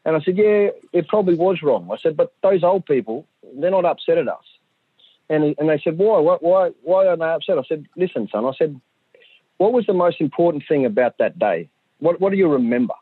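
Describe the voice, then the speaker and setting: A middle-aged man, telling a story in a lively way and acting out the voices of the people in it. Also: a little high, fairly quick, breathy edge, no echo. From Central Australia. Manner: animated, acts out voices of his sons and others. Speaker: community storyteller. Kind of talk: conversational storytelling. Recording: dry tinny phone-like audio.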